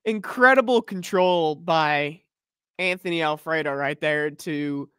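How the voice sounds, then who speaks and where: A man's voice: fairly high pitch, measured pace, bright, forceful tone, clean tone, no echo, studio quality. A man co-hosting a live race-watching stream, chatty and explaining racing tactics. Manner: chatty, analytical about racing.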